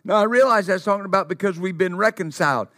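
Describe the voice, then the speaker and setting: A man's voice: high-pitched, quick pace, pushed and bright, no room sound, studio quality. A man preaching a sermon, repeating key phrases for emphasis and quoting scripture.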